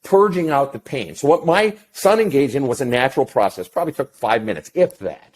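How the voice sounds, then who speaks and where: A middle-aged man talks as a counselor guest in a casual interview. He is blunt and swears freely. He tells his stories in an animated way, at a pitch neither high nor low. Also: fairly quick. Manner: blunt, profane, animated storyteller.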